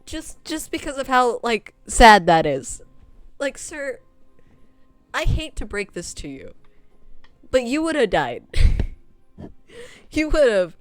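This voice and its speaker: A woman's voice: a little high, sing-song, slow pace, pauses often, dry recording, soft background music. Incredulous, laughing woman streamer. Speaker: streamer playing a visual novel. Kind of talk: casual gameplay commentary.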